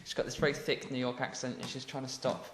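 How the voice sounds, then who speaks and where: A man's voice: mid-range voice, little pitch movement, fast, reverberant, background noise. An Englishman co-hosting a podcast, improvising a story in a rambling way with many ums and laughs. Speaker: podcast co-host.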